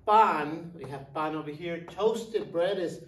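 A middle-aged male Spanish teacher giving a vocabulary lesson, slowly repeating each word with care. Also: a little high. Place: classroom. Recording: echoey room, mic at a distance.

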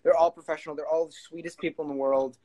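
A man's voice: fairly high pitch, little pitch movement, very fast, a little mellow. A young man chatting casually as an interview guest, laid-back and rambling, with lots of fillers and restarts. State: sweating in the heat. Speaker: guest singer and actor. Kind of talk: casual interview chat, then singing with guitar.

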